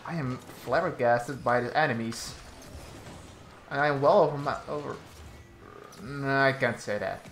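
Slow-talking man commentating gameplay. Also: medium pitch, fairly bright tone, reverberant, a little hiss or hum. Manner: slow, halting commentary with frequent restarts, exasperated at teammates. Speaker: gaming YouTuber.

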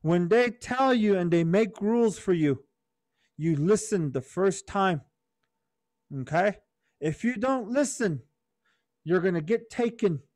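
A wise old horned toad, stern but kind, lecturing like a father in a told folk tale, as a man puts him on. The voice sits fairly high for a man and is dry and close, with no room around it. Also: lively intonation, slow pace, long pauses, darkish tone, dry recording.

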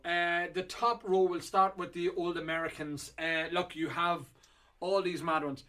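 A middle-aged man chats loosely through a run of auction lots, circling back on himself with ums and uhs. His voice sits a little higher than most men's. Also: little pitch movement, unhurried, pushed and bright. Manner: rambling and chatty with many fillers. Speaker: whiskey auction host. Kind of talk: casual chat previewing auction lots.

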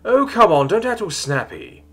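Man doing a chirpy, brisk woman on a call. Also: fairly high pitch, wildly swooping pitch, fairly bright tone, soft background music, voice pushed up, full character voice. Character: curt female officer on a call, brisk.

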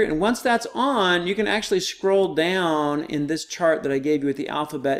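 A man teaching a recorded online lesson, explaining step by step in a casual, patient way with frequent fillers. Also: sits high.

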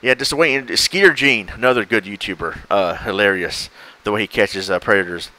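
A man's voice: fairly low pitch, brisk, bright, forceful tone, rough recording. A man co-hosting a casual podcast chat, rambling and acting out quoted exchanges with laughs. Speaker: podcast co-host.

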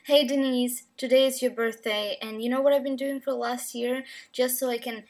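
A woman's voice: high voice, fairly even intonation, normal speed, darkish tone, recorded from a distance. A woman playfully joking in a birthday video message. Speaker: vlogger sending a birthday message. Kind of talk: joking casual webcam message.

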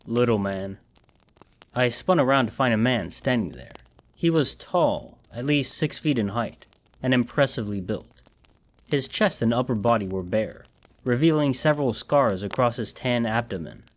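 Male horror narrator, measured dramatic reading, mid-pitched. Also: expressive. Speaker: audiobook narrator.

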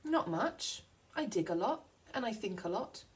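A woman voicing a lost, thoughtful little male wombat in a read-aloud picture book, with meek, drawn-out replies. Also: medium pitch, big pitch swings.

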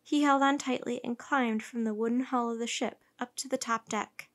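A woman reads a children's chapter book aloud. Her voice sits fairly high and her narration stays steady and clear. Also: normal speed. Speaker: storyteller.

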